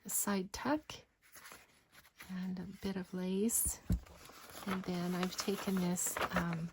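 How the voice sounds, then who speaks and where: A woman narrating a craft journal flip-through in a gentle voice that often drops into a breathy whisper. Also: lowish voice, level tone, takes it slowly. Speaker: craft designer showing a journal. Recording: faint background noise.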